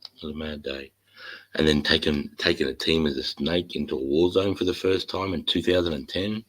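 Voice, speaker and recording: A man's voice: a bass voice, fairly even intonation, brisk, fairly bright tone, poor audio. A middle-aged man with an Australian accent, chatting bluntly and swearing freely about army life as the host. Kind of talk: casual chat.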